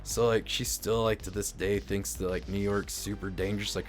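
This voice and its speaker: A man's voice: lowish voice, flat delivery, brisk, few pauses, soft background music. A man telling a rambling, crude story on his live stream, peppered with swearing and filler words. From Indiana, US. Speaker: livestreamer.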